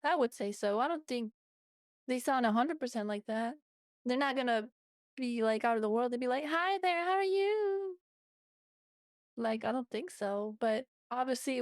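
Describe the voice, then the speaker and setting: A woman's voice: darkish tone, no echo, clean studio sound. A woman co-hosting a casual reaction chat, her voice run through a modifier that raises it. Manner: raises her pitch on purpose, chatty. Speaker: VTuber co-host.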